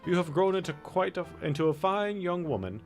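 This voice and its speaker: A man voicing a kindly elderly male scholar who speaks formally and gently, with lively intonation. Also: sits high, fairly quick, faint music behind, pitched above the performer's own voice. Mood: gracious.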